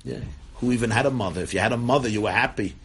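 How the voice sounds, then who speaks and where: A man tells a long story in a talk, animated and acting out the voices he quotes. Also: medium pitch, racing, slight background noise.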